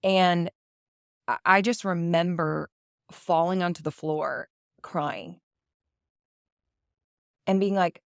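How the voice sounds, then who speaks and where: A woman's voice: on the low side, fairly even intonation, slow, gravelly, long pauses, no room sound, studio quality. Candid woman telling a personal story. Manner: candid, confessional, acts out quoted dialogue. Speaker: podcast host.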